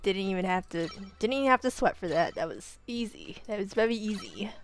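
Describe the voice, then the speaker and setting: A woman streamer giving casual gaming commentary, excitable, swearing and bursting into yells. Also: mid-range voice, fairly quick, soft background music.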